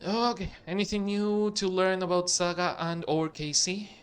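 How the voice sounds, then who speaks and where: A man casually commenting while playing a video game, excitable and swearing freely. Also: high-pitched, moderate pace, clear, resonant tone. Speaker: gaming streamer. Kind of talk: casual let's-play commentary.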